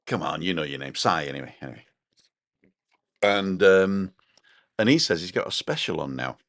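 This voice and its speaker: A man's voice: deep voice, big pitch swings, moderate pace, a bit bright, no echo, studio quality. A man co-hosting a casual live stream from his balcony, rambling chattily and reading out viewer comments. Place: home balcony.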